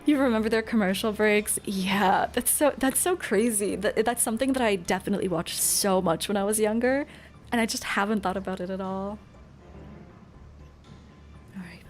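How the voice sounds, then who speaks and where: A woman's voice: medium pitch, expressive, moderate pace, soft background music. A woman from Canada talking casually to chat while she streams a story game, chatty and full of little restarts. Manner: chatty, answers chat, frequent "like" fillers. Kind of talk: live gameplay commentary.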